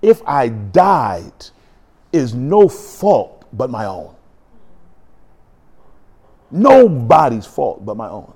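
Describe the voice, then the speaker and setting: A man preaching a sermon in a church, animated and joking, acting out quotes as he goes. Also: mid-range voice, extremely slow, long pauses, a little hiss or hum. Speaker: pastor.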